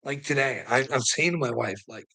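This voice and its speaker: A man with a gravelly, raspy voice, worn out and venting in a long monologue. He swears in nearly every sentence and trips over his own restarts as he goes. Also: mid-range voice, fairly quick, pushed and bright. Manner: profane, swears constantly; stammers and restarts. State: weary. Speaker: vlogger. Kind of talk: ranting monologue to the camera.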